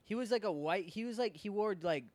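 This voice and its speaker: A young man co-hosting a casual podcast chat, telling a halting story with many fillers and swearing. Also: high voice, expressive, darkish tone, no room sound. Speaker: podcast co-host.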